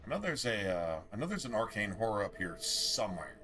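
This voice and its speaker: A man's voice: lowish voice, big pitch swings, a little fast, background noise. A man streaming a game, rambling casually with a lot of swearing and exasperation. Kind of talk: casual gameplay commentary.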